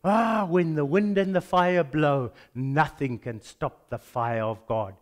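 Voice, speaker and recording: A man's voice: a little high, slow pace. A man with a South African accent, a pastor preaching a sermon and telling a story with acted-out dialogue. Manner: animated storytelling, acts out dialogues.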